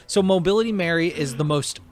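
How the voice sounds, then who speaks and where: A man's voice: on the high side, fairly quick. A young man co-hosting a podcast, chatting casually while playing a video game and telling stories animatedly. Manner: animated storyteller, swears casually. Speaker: podcast co-host.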